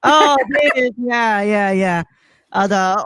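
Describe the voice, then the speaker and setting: A man's voice: sits high, expressive, takes it slowly, fairly bright tone, no room sound. Laid-back rambling male stream host. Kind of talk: casual chat.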